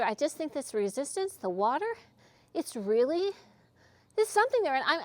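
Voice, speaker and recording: A woman in her sixties with a high voice talks casually to camera as a fitness vlogger, recorded without echo. Out of breath after swimming, she chats about her workouts in a candid, self-deprecating way.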